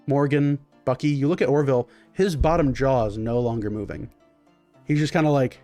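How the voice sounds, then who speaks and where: A man's voice: fairly high pitch, a little mellow. A man running a tabletop game as game master. He narrates in a vivid, loose way and uses plenty of fillers.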